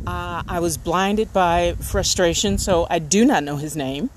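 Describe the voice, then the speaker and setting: Animated chatty woman vlogging. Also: lowish voice, measured pace, hardly any pauses. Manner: chatty, self-deprecating, swings from hushed to excited. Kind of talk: casual video diary. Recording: faint background noise.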